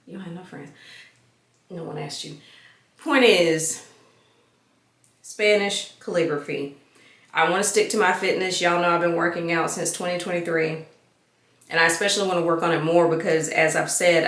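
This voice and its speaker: A woman's voice: fairly low pitch, fairly bright tone. Woman vlogger, casual self-mocking chat, roomy echo. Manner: chatty, self-mocking, talks to viewers as y'all.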